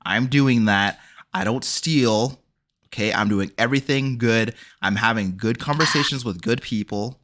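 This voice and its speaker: A man's voice: medium pitch, normal speed, fairly bright tone. A man co-hosting a podcast in casual chat, joking and blurting short reactions. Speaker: podcast co-host.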